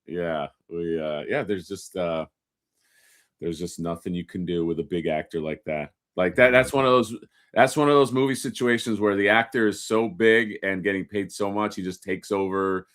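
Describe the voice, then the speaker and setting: A man co-hosting a toy-collector podcast, talking in a halting, rambling way with many fillers. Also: sits low, a bit bright. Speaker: podcast co-host. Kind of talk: casual chat.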